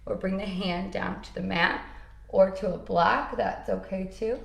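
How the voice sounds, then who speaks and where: A woman teaching a yoga class, calmly cueing poses and breaths with encouraging asides. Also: mid-range voice, measured pace, gravelly, reverberant. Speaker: yoga instructor. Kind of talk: guided yoga class instruction.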